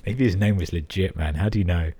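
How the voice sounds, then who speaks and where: A man's voice: low voice, fast, dark tone, breathy edge. A young English man hosting a podcast, reading listener emails aloud and cutting in with sarcastic, sweary commentary. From England. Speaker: podcast host.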